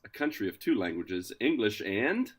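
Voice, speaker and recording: A man hosting a casual podcast, introducing his co-hosts with energetic, playful hype. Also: on the low side, moderate pace, breathy edge. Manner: energetic, hyped, playful announcer delivery. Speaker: podcast host.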